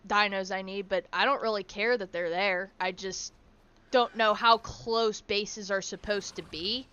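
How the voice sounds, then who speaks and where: Woman game streamer, crisp clear tone, casual swearing, chats to her pets. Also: mid-range voice, steady tone, measured pace, bright, forceful tone, dull audio. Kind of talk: casual gameplay commentary.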